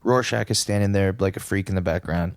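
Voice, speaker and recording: A man's voice: low voice, brisk, dry recording, studio quality. A man co-hosting a comics podcast who chats casually and reads passages aloud. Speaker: podcast co-host. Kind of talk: casual chat.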